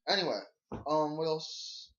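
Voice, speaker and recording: A man's voice: a little high, unhurried, fairly bright tone. A young man hosting a casual chat, rambling and hesitant with many fillers. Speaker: host. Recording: muffled lo-fi recording.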